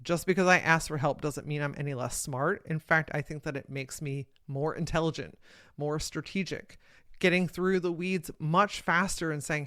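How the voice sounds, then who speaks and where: A woman's voice: low voice, normal speed, fairly bright tone, no room sound, clean studio sound. A woman hosting a solo podcast, speaking with energy and emphasis in a casual, motivational style and swearing now and then. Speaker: podcast host and coach.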